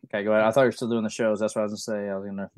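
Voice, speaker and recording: A man's voice: lowish voice, little pitch movement, darkish tone, smooth, no echo. A young man co-hosting a podcast, rambling in casual chat with many fillers. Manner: rapid, rambling, filler-heavy. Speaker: podcast co-host.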